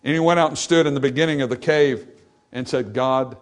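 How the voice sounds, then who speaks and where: A man preaching a sermon, animated and acting out the voices in the scripture passage, then dropping to softer, reflective tones. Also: on the high side, fast talker. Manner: animated, acts out dialogue from scripture. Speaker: pastor.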